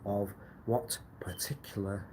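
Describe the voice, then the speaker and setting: A man talking alone on a live stream in a rambling, cryptic monologue, swinging between low mutters and sudden loud bursts. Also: fairly even intonation, slow, background noise.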